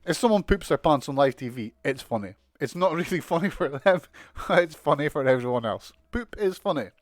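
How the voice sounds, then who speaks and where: A man's voice: on the high side, lively intonation, brisk, dry recording. A man with a British accent giving a casual, sweary, mocking recap of a wrestling show. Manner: sweary, mocking, exasperated ranting with laughs.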